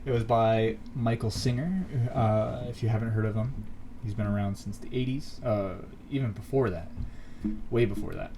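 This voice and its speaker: A man with a low, warm, mellow voice tells his own story as a podcast host. He talks casually and earnestly, full of little fillers, and grows animated as he goes. A faint hum sits under the recording. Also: moderate pace. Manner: earnest, animated, many fillers like "like" and "you know".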